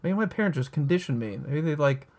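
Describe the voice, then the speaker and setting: A man's voice: a little high, lively intonation, quick pace, a little mellow. A young man in casual chat, teasing his friend and laughing while they watch a movie. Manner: teasing, laughs often, chatty.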